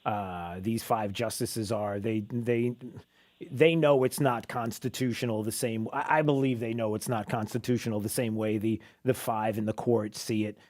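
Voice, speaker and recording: A man's voice: on the low side, fairly even intonation, normal speed, darkish tone. A man hosting a talk radio show, rambling and laughing, often breaking off mid-sentence.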